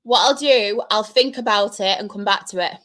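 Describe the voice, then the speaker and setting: A woman's voice: medium pitch, normal speed, fairly bright tone. A young woman hosting a casual live Q&A stream, chatting, greeting viewers by name and laughing often. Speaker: live stream host reading chat.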